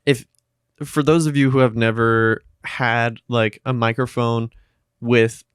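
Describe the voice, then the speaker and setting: Laid-back young man, smooth voice. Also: mid-range voice, flat delivery, slow pace, no room sound, clean studio sound. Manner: laid-back, swears casually. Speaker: podcast co-host. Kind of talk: casual podcast chat. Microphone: studio microphone with monitors.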